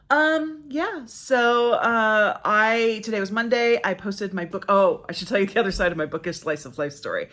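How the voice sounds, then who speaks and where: A woman's voice: mid-range voice, lively intonation, brisk, few pauses, fairly bright tone. A middle-aged woman chatting casually in a book vlog, rambling and interrupting herself, laughing at her own stories. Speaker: book vlogger. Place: backyard outdoors.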